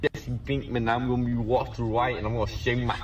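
A man's voice: medium pitch, level tone, brisk, distant mic. Groggy man rambling under anesthesia. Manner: rambling, rambling bro talk. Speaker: patient after surgery.

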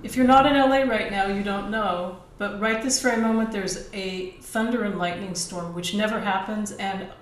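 A woman hosting a memorial gathering, making slow announcements between speakers. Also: mid-range voice, steady tone, a little hiss or hum. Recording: roomy and off-mic with faint ambience.

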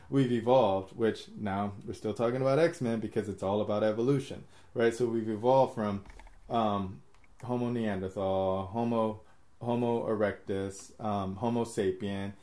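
Low, mellow-voiced man rambling casually. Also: fairly even intonation, measured pace. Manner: rambling, laughs often, swears casually. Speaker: podcast host. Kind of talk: casual chat.

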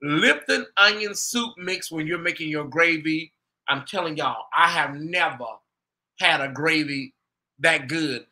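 A man hosting his own show, chatting casually and gossiping with his viewers in an animated, talkative way. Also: on the high side, unhurried. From United States. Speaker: host.

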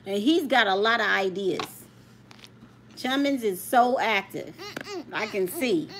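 A woman's voice: mid-range voice, slow, fairly bright tone. A woman hosting a casual live stream from home on a handheld phone. She chats straight to her viewers and keeps telling a child to stop touching things. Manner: chatty, talks straight to viewers while scolding a child off-camera. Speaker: coin channel host. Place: home room.

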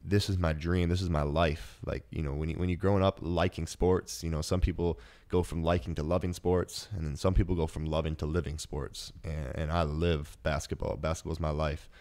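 Very deep-voiced young man, earnest. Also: little pitch movement, brisk, few pauses, darkish tone. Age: 20s. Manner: earnest, emotional, lots of fillers and restarts. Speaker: podcast host. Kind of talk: casual personal storytelling.

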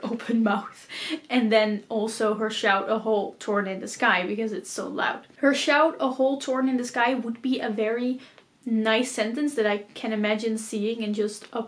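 A woman casually vlogging about reading, chatty and self-deprecating, often laughing at her own confusion. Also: fairly high pitch. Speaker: book vlogger.

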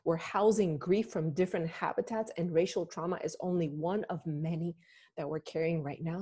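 A woman pastor speaks with slow, grave deliberation as she leads a lament. Her voice sits fairly low, with a dark, mellow tone and a husky, breathy edge. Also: steady tone. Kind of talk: slow reflective spoken sermon and prayer.

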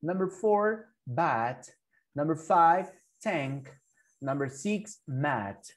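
A man's voice: on the high side, lively intonation, drawn-out words. A man whose first language is Spanish, teaching English to a child over a video call, patiently repeating and drilling words. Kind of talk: online English lesson for a child.

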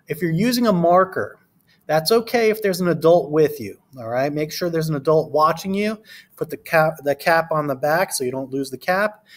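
A man teaching an online lesson to young children, giving gentle instructions and reading a storybook aloud with character voices. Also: fairly high pitch.

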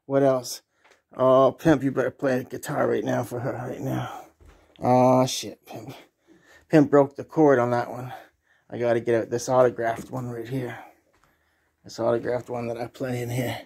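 A man's voice: medium pitch, little pitch movement, normal speed, creaky, a little mellow, husky. Crude man baby-talking to his pets. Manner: crude, baby talk, speaks of himself in third person. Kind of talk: casual rambling talk to pets.

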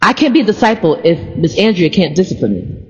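Woman, casual devotional talker, very lively intonation, muffled lo-fi take with long reverb. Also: fairly low pitch, fast. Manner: animated, laughing, repeating words. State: sleepy with allergies. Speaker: church member sharing devotional thoughts. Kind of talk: casual faith talk. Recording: reverberant, dull lo-fi sound.

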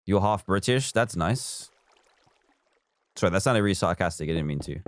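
A man's voice: sits low, lively intonation, quick pace, no room sound. A man live streaming a building game, chatting casually, reading viewer comments aloud and counting blocks as he works.

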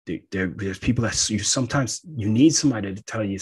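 Man, astrologer, low voice, husky, casual conversational teaching, animated. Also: fast. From United States. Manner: conversational, animated, often says "right?".

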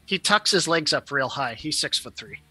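A man's voice: on the high side, lively intonation, moderate pace, sharp tone, husky, faint music behind. A man playing a tabletop game, joking and playful in casual banter. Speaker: player.

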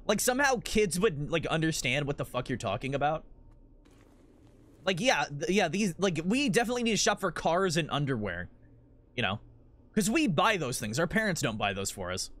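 A young man in his twenties with a high voice that leaps all over the place as he streams a game. He rambles through silly bits and keeps breaking into giggles. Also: big pitch swings, normal speed, fairly bright tone. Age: 20s. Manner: giggly, rambling, laughs constantly. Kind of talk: casual gameplay commentary.

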